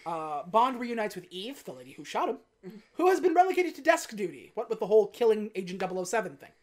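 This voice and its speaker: A woman co-hosting a podcast, recapping a film in a casual, comedic way. She is profane and deadpan and keeps slipping into quoted dialogue. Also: mid-range voice, quick pace.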